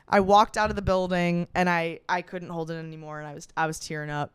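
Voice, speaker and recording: A woman's voice: fairly quick, hardly any pauses, clear, resonant tone, no echo. Brash, self-mocking young woman storyteller. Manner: animated, jumps up in pitch for quoted voices. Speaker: podcast host. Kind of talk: comic storytelling.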